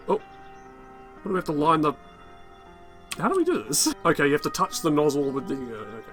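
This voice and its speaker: A man with a raspy, tired-sounding voice talks his way through a game in loose, rambling commentary, swearing and mumbling to himself as he goes. His voice sits a little high for a man, with faint music playing underneath. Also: huge pitch swings, brisk, pauses often, fairly bright tone. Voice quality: raspy, worn-out voice. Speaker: gaming channel host. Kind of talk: casual gameplay commentary.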